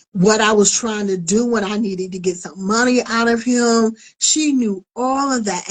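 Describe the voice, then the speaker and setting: A middle-aged woman hosting a talk show, telling a personal story in a sassy, animated way and addressing her audience directly. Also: fairly high pitch, poor audio. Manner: animated, acts out quoted voices. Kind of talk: storytelling monologue.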